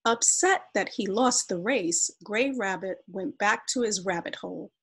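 A woman reads a children's picture book aloud, gentle and expressive. Her pace is slow and her voice has a soft, breathy quality. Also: medium pitch. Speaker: storyteller.

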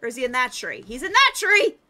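A woman streaming a game live, commenting excitedly to her chat and teammates. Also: sits high, brisk.

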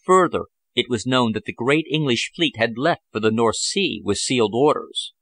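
A man narrating a novel chapter as an audiobook, in a measured, even storytelling manner. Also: mid-range voice, no echo. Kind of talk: scripted narration.

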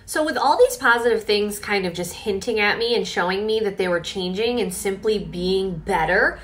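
Chatty woman telling her story. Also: mid-range voice. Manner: chatty, animated, with quoted reenactments. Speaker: vlogger. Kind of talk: casual storytelling vlog.

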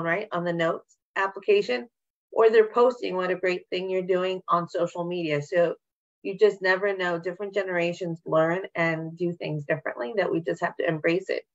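A woman's voice: on the low side, muffled recording. A woman on a discussion panel, cheerful and laughing often while sharing stories. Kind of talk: casual chat.

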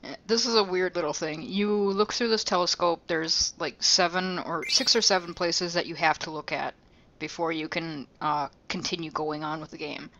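A woman's voice: lowish voice, steady tone, moderate pace, a bit bright, lo-fi sound. A woman co-hosting a game let's play in casual chat, swearing freely and laughing often.

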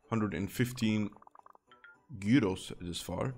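A man's voice: on the low side, measured pace, darkish tone, faint music behind. A man giving casual, chatty commentary while playing a slot game, thinking aloud and dropping wry asides.

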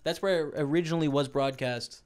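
A man's voice: fairly high pitch, brisk, a little mellow. A man casually talking to his viewers over a poker broadcast, rambling and chatty.

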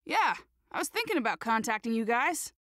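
A woman's voice: fairly high pitch, big pitch swings, brisk, a bit bright, no room sound, clean studio sound. A woman voicing a brash, cocky teenage boy ninja in a game cutscene, playful and teasing. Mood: breezy. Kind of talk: video game cutscene dub.

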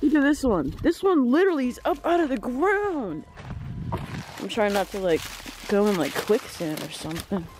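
A vlogger filming on a handheld camera while walking outdoors through woods, with a mid-range voice. The talk is casual and excitable, full of exclamations and calls to the pets, with a faint hiss of noise underneath. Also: mid-range voice, normal speed.

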